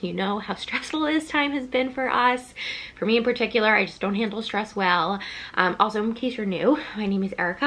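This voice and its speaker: A woman vlogger chatting to camera at home, excited and talkative, audibly out of breath. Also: medium pitch. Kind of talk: casual chat to camera.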